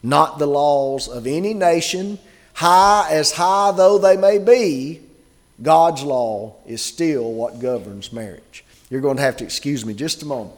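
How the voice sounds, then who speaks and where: A man preaching a sermon in a conversational way, reading scripture aloud slowly. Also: a little high, expressive. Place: church gathering.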